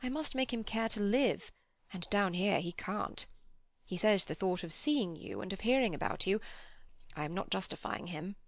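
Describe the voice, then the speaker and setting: A woman reading as a soft-spoken old man in a classic novel audiobook, slow and earnest with a gravelly rasp under the words, heard up close in a dry booth with no room sound. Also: medium pitch, animated, no echo, natural voice. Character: kindly old widowed man, gentle and grave.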